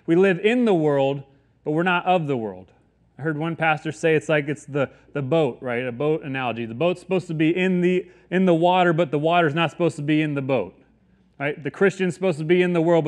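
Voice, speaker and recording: A man preaching a casual, conversational sermon, often slipping into quoted everyday voices. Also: on the high side. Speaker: pastor.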